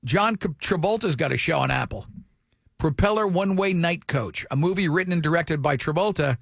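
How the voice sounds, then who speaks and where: A man's voice: a little high, brisk, vocal fry, no echo, clean studio sound. A man hosting a morning radio show, chatting and teasing his co-hosts in casual banter. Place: radio studio. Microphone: studio microphone.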